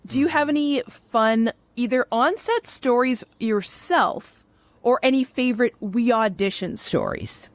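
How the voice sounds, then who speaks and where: A woman from Canada hosting a podcast interview, chatty and quick to laugh. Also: on the high side, no room sound. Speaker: podcast host.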